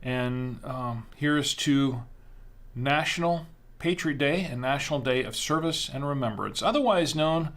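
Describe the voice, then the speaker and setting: A man's voice: mid-range voice, a little slow, fairly bright tone. A man hosting a casual wine-tasting livestream, rambling with fillers and restarts as he reads out viewer chat.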